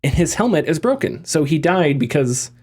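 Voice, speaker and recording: A man talking casually on a gaming podcast, animated and rambling, often restarting his sentences. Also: on the high side, moderate pace, husky. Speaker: podcast host.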